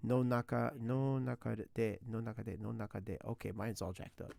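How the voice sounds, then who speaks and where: Gravelly excitable man streaming. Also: on the low side, fairly quick. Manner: rambling, excitable, laughs often, slangy. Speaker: streamer learning Japanese. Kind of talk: casual stream chat.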